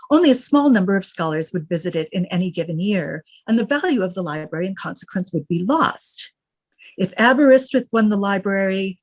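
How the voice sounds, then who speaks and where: Woman giving a lively, wry lecture. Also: lowish voice, no room sound. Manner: reads quotes with lively emphasis and wry asides. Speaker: guest lecturer. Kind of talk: academic lecture.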